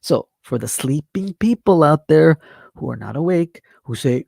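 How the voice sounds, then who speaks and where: Gravelly, mellow-voiced man ranting on air. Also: a little high, expressive, unhurried, no room sound, studio quality. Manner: worked up, scolding, exasperated. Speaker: host of an online talk show. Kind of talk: ranting commentary while reading news articles aloud.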